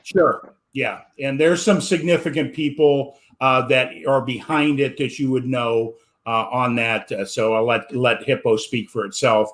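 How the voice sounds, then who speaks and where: A man's voice: mid-range voice, steady tone, measured pace, hardly any pauses, fairly bright tone. A man asking questions in a casual online interview, rambling with restarts and a salesy tone.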